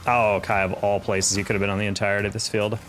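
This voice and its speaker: Young guy streaming, lowish voice, rambly casual chat, little music in the back. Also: flat delivery, quick pace, a bit bright. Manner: rambling, chatty, reacting to chat mid-game. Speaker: game streamer and coach. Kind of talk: casual live-stream chat while playing.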